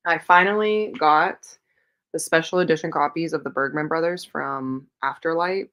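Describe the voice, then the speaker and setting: Woman, low voice, casual livestream host, chatty, storytelling, answers viewer comments. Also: normal speed, muffled recording. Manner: tells rambling personal stories. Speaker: host of a reading sprint livestream.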